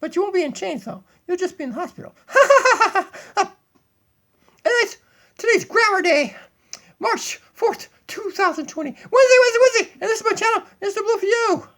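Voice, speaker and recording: Bossy self-crowned puppet-dog empress, put on by a man; high, lively, rambling, recorded on a tablet in a kitchen. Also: moderate pace, heavily acted. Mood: bossy giddy. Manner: giddy, bossy, rambling rant with laughs. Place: home kitchen. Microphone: tablet built-in mic.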